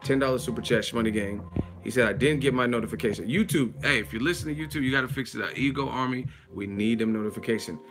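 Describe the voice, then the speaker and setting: A grown man streaming live, ranting bluntly and profanely about boxing, with mocking asides in a high sneering voice. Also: fast talker, over music. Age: adult. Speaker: boxing commentary livestreamer. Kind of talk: casual livestream rant.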